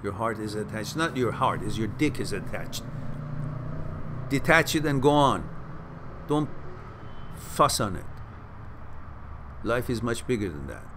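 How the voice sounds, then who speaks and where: A man's voice: lowish voice, a little hiss or hum. A man hosting a live-stream Q&A, reading viewer questions aloud and answering them with blunt, swearing advice. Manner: blunt, swearing, animated pep talk; reads out viewer messages, then answers them. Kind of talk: casual advice chat.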